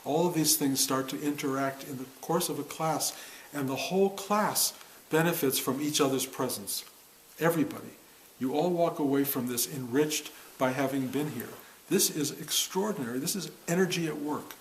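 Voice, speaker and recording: A man over fifty giving a reflective spiritual talk to a meditation class, unhurried, pausing and correcting himself. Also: fairly high pitch, a little hiss or hum, poor audio. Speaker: meditation teacher.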